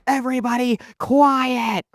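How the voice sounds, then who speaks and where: A man voicing a strict, furious female schoolteacher in a shrill, scolding tone. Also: steady tone, takes it slowly, no room sound, studio quality, heavily acted. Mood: shrieking.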